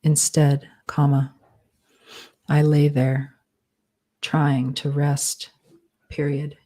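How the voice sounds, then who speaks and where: An author with a low, mellow voice dictates her novel unhurriedly, voicing every punctuation mark aloud. Her delivery is flat, even, measured, and deliberate.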